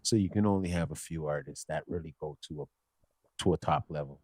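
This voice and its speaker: Interview guest, male, very low voice, calm, matter-of-fact delivery. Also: brisk, no echo. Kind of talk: casual interview answer.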